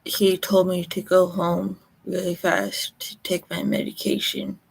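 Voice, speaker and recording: A woman from Colorado, telling a personal story in a halting way, close to tears. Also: lowish voice, level tone, creaky, husky. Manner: slow, halting, emotional recollection.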